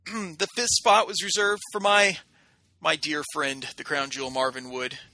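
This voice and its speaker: A man's voice: on the high side, steady tone, measured pace, pauses often, bright, forceful tone, no room sound. A man co-hosting a podcast in casual chat, mock-boastful and theatrical as he jokes with his friends. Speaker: podcast co-host.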